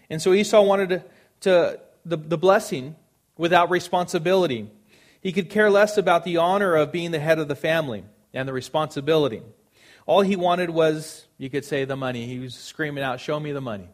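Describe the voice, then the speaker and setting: A man's voice: on the high side, animated, moderate pace. Earnest man preaching a sermon. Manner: earnest, emphatic, repeats phrases for stress.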